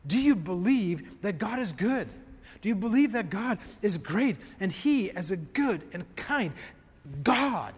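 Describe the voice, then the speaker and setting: A man preaching a sermon as pastor, emphatic, swinging from quiet to raised. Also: high-pitched, sing-song, a little slow, slightly rough, long reverb tail. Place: church.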